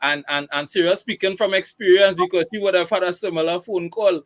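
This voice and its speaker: A man's voice: high voice, fairly even intonation, fairly quick. A man hosting a casual interview, encouraging his guests with lots of fillers and restarts. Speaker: interview host.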